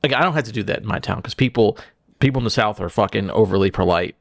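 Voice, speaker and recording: A man co-hosting a casual podcast, chatting in a quick, offhand way. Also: fairly low pitch, vocal fry, dry recording, studio quality. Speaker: podcast co-host. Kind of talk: casual chat.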